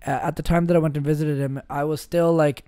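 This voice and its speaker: A man's voice: on the high side, level tone, fast talker, dark tone, clear, resonant tone, no echo, studio quality. A young man from Canada, a podcast guest telling a personal story in a loose, candid way. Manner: loose and candid, heavy use of "like" and "bro". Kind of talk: casual storytelling.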